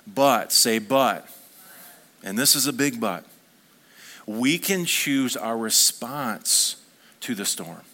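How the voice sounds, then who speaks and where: Bright-voiced pastor preaching conversationally. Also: male voice, mid-range voice. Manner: conversational preaching, asks the congregation questions. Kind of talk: sermon.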